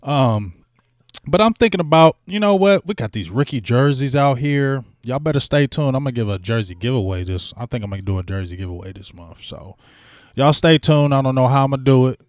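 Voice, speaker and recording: Man, sports stream host, casual slangy chat, mid pitch, dry close sound. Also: fairly quick, no room sound. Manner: animated, slangy, hypes donations. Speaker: sports talk show host.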